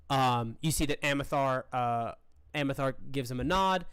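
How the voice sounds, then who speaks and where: A woman's voice: a bass voice, moderate pace, clean tone. A woman narrating a tabletop game as game master, rambling with many fillers.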